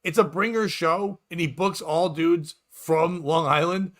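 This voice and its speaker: Male comic podcast host, rambling storyteller, bright and pushy tone. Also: a little high, unhurried. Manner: rambling, animated storyteller acting out quotes. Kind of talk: casual storytelling chat.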